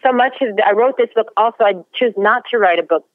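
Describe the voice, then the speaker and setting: A woman's voice: a little high, fairly quick, no echo, phone-quality sound. A woman author speaking as a guest, earnest and emphatic in a faith-based motivational talk, sometimes stumbling into repeated words.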